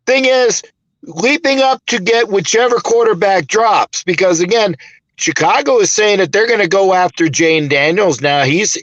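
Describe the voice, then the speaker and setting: Man, podcast host, high voice, emphatic, rambling, dull lo-fi sound. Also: moderate pace, a bit bright, dry recording. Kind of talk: casual sports podcast chat.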